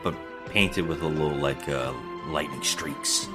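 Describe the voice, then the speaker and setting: A man co-hosting a casual podcast, retelling a movie scene by scene with sarcastic, animated commentary. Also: a bass voice, measured pace, over music. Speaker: podcast co-host. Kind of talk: casual movie review chat.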